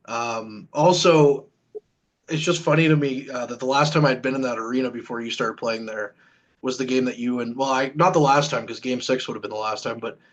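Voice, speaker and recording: A man hosts a relaxed podcast chat at a mid-range pitch. He talks in an animated way and laughs easily as he steers the conversation. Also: a little fast, dull audio. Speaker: podcast host. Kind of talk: casual interview chat.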